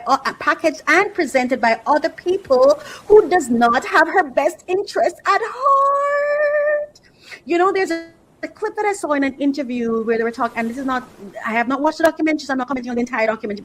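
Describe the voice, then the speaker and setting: Woman podcast host, higher pitch, emphatic and repetitive, affectionate asides. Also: big pitch swings, a little fast, fairly bright tone, a little hiss or hum, rough recording. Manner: emphatic, repeats phrases for rhythm, drops affectionate asides. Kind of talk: opinionated commentary.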